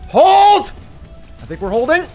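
Male game streamer, high animated voice, swears a lot, laughs often, faint music underneath. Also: moderate pace. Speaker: livestreamer. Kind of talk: live gaming commentary.

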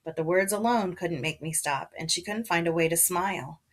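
A woman reads a children's novel aloud to her listeners, narrating with expression and giving the characters voices. She talks casually and sits a little low in pitch for a woman. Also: a little fast. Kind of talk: reading a book aloud to listeners.

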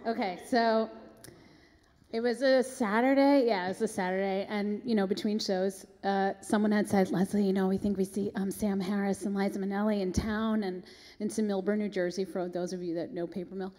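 A woman telling a long, animated backstage story on stage, chatty and breathless, often acting out the other voices. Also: medium pitch, moderate pace. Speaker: guest performer. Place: synagogue hall. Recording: echoey hall, long reverb.

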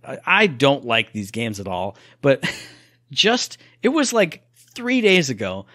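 A man co-hosting a gaming podcast, telling animated stories in casual chat and laughing along. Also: medium pitch, slow, no echo, clean studio sound. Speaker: podcast co-host.

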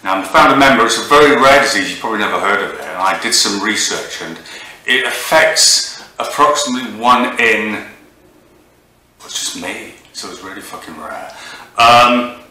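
Hesitant man from England, low and sharp-toned, rambling comic monologue, recorded from afar in a very echoey room. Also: lively intonation, moderate pace. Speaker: comedian. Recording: echoey room, distant mic, faint noise.

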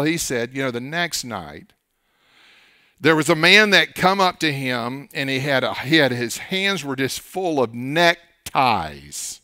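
Oklahoma pastor guy preaching, middle-aged, smooth resonant voice, gets loud and punchy on his points. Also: mid-range voice, dry recording, studio quality. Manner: emphatic preaching with sudden loud rises. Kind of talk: sermon.

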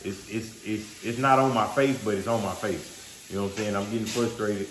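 A man's voice: on the low side, steady tone, moderate pace, a bit bright, roomy sound, slight background noise. A man hosting a vlog, telling a story casually and animatedly in slangy speech. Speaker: vlog host.

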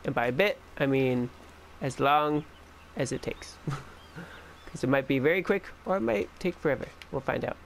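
A man giving casual let's-play commentary as a gaming channel host, excitable and chatty, talking back to the game as he plays. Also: medium pitch, moderate pace, creaky, slight background noise.

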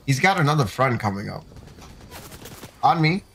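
A man's voice: medium pitch, big pitch swings, normal speed, vocal fry, a bit bright, slight background noise. A man streaming a game from home with his young son, in laid-back, casual chatter full of "dude". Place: home gaming setup.

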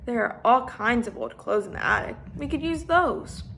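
Eager young girl from a storybook, read by a woman; high, excited, slight fry. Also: normal speed, a little hiss or hum.

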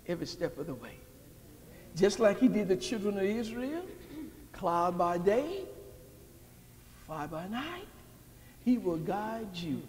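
A man preaching a sermon as pastor, calling out questions to the congregation and building to shouts. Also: sits high. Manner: call-and-response preaching, rising to shouts. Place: church sanctuary. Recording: long hall reverb.

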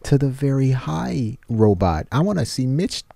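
A man's voice: mid-range voice, big pitch swings, unhurried, gravelly, warm tone, dry recording, studio quality. A young man co-hosting a reaction video, explaining what he hears with enthusiasm. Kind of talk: casual reaction chat.

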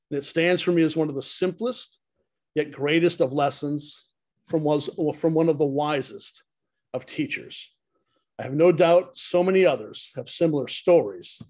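A man's voice: a little high, a little mellow. A man, a pastor, giving a heartfelt tribute speech with humorous storytelling.

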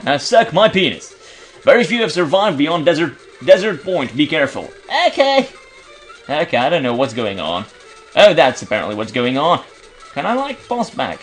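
A man's voice: a little high, big pitch swings, normal speed, faint music behind. A young man from Belgium giving casual gameplay commentary, frustrated and swearing, sometimes reading game text aloud in silly voices. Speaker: let's play commentator.

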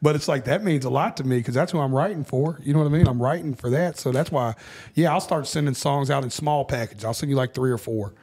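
A man's voice: medium pitch, fast talker, darkish tone, breathy edge. Candid man telling stories. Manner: candid storytelling, swears freely. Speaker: guest musician. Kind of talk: casual podcast chat.

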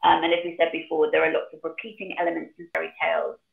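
Woman author, animated chat; gravelly, tinny call audio. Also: low-pitched, fast, roomy sound. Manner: chatty, animated. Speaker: author and guest. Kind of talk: casual chat and reading aloud. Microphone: video call.

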